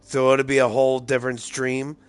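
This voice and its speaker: A man's voice: mid-range voice, monotone, a little fast, clean tone, no echo. A man rambling loosely and profanely through casual gameplay commentary, tipsy and slightly slurring his words. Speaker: gaming streamer.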